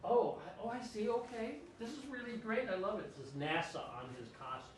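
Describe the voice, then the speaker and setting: A woman's voice: mid-range voice, sing-song, brisk, very echoey, recorded from a distance, a little hiss or hum. A woman hosting a show and gushing over costumed guests in a studio. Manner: enthusiastic, gushing. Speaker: host. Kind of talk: on-air chat with costumed guests.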